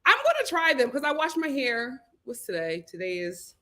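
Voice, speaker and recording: A woman hosting a casual livestream from home on a computer mic, chatty and animated, laughing often as she reads viewer comments aloud. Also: high voice, normal speed. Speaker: livestream host.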